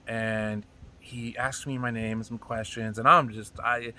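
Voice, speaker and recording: A man's voice: medium pitch, measured pace. A man in his forties telling a rambling, profane personal story in a casual monologue. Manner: rambling, profane, animated retelling. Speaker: comedian telling stories.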